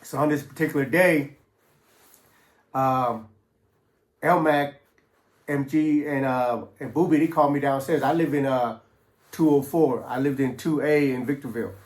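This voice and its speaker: With a steady, medium-pitched voice, normal speed, and frequent pauses, a middle-aged man who was once in prison recounts his past. His casual storytelling is relaxed and streetwise, thick with slang and filler words, against a roomy echo.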